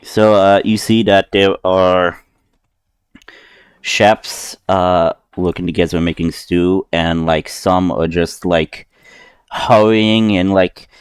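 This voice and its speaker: A man narrating as game master of a tabletop game, slow and halting, with many fillers. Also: low voice, steady tone, smooth, no room sound, clean studio sound.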